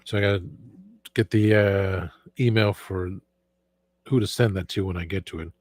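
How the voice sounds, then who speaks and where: Hoarse man hosting a casual stream. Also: deep voice, steady tone, moderate pace, no room sound. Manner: rambling, with frequent restarts and self-corrections. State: hoarse from a sore throat. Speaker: show host. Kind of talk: casual livestream chat.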